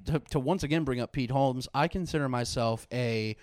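A young man telling a personal story in casual chat, animated and profane, acting out the people he quotes. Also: medium pitch, normal speed, dry recording, clean studio sound. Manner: animated, swearing, acts out quoted voices.

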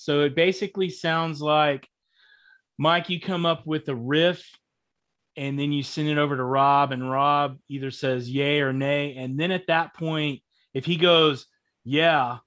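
A man's voice: a little high, a bit bright, lo-fi sound. A man hosting an interview, asking questions and making self-deprecating jokes. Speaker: podcast host. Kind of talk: casual interview chat.

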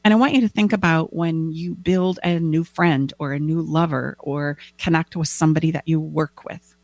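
A woman's voice: normal speed, no echo. A woman coaching on relationships and communication, acting out quoted dialogue with big leaps in her voice. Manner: animated, acts out quoted dialogue with big pitch jumps. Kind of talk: teaching talk with acted examples.

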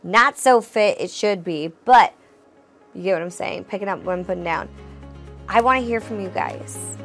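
Podcast host, young woman, gravelly edge, blunt and encouraging. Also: medium pitch, normal speed, fairly bright tone, faint music behind. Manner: candid, swears freely, laughs often; encouraging, addresses listeners directly. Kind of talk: casual solo podcast talk.

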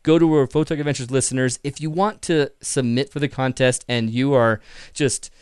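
A man's voice: medium pitch, fairly even intonation, moderate pace, clean tone, no room sound, studio quality. A man co-hosting a live podcast, upbeat and chatty, talking casually with his co-host. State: tired, out of breath. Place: indoors.

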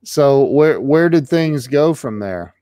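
A man hosting a podcast interview, speaking in a casual, relaxed way, dropping "dude" and "man". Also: mid-range voice, takes it slowly, no echo. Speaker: podcast host.

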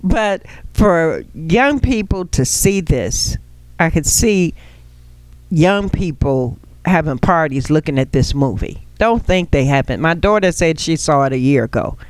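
A woman's voice: low-pitched, animated, dry recording. A middle-aged woman co-hosting talk radio, indignant and exasperated in banter. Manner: indignant, exasperated, quick to laugh. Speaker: radio co-host.

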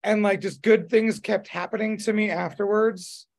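A high-pitched man with fairly even intonation chats casually on his podcast at normal speed. He rambles, using lots of fillers and restarts.

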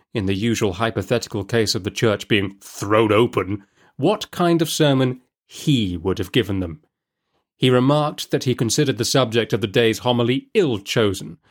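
A man narrates a classic story aloud in measured, expressive storybook style. His voice sits at an ordinary middle pitch for a man. He lets the narration unfold at a steady, unhurried pace. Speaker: audiobook reader.

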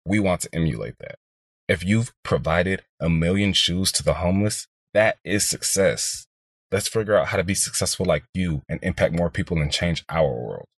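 A man in his twenties from Houston, Texas, hosting a podcast and telling a story in an energetic, motivational monologue aimed straight at listeners. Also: low voice, moderate pace, no room sound. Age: 20s. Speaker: podcast host, real estate investor.

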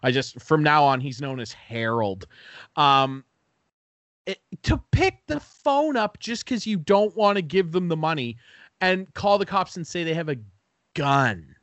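A podcast host with a somewhat high voice tells a story in loose, profane chat. He jumps into the voices of the people he quotes. The sound is dry, with no room echo. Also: lively intonation, a little slow, a bit bright.

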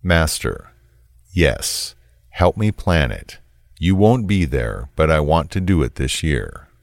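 Man voicing a cold controlling man, very deep voice, slow, commanding, flat menace, dry close sound. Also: vocal fry, no echo, heavily acted. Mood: cold menacing.

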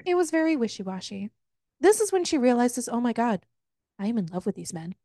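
A woman co-hosting a casual book podcast, retelling a plot with lots of swearing and quick put-on quotes of the characters. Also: fairly high pitch, big pitch swings, dark tone, no room sound, clean studio sound. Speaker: podcast co-host. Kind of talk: casual book-review chat.

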